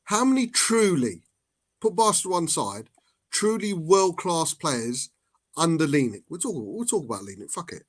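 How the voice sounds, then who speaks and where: A man's voice: a little high, brisk, husky, no room sound. Laid-back man chatting football. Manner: relaxed, swears casually. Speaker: co-host of a fan show. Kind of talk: casual chat.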